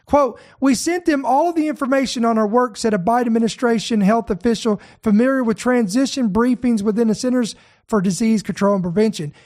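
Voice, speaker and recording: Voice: medium pitch, a little fast, a little mellow. Emphatic podcast host reading news. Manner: emphatic, stops to stress single words; repeats words and restarts phrases. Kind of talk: news commentary, reading articles aloud.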